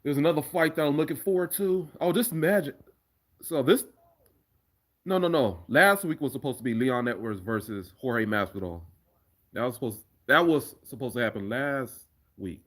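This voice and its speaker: This live-stream host chats casually with viewers, reading their comments about fights and his remixes and frequently restarting his thoughts. His medium-pitched voice is expressive and fairly bright, at a normal speed.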